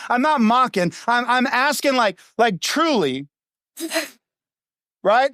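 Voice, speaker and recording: A middle-aged male pastor preaching a sermon in a punchy, conversational way, full of rhetorical questions and quick asides. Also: sits high, very animated, a bit bright, no room sound, studio quality. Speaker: lead pastor.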